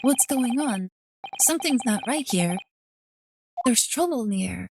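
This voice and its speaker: A woman streaming a game, chatting casually in an excitable, rambling way full of fillers. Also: a little high, unhurried, creaky, background noise.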